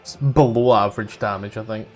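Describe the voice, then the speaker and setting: A man's voice: lowish voice, fairly even intonation, fairly quick, a little mellow, faint music behind. A man chatting casually as a tabletop game player, swearing and thinking aloud about the rules.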